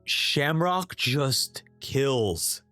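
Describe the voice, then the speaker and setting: A young man hosting a reaction video, reading a comic aloud and reacting in an excitable way. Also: mid-range voice, drawn-out words, dry recording, soft background music. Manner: excitable, animated.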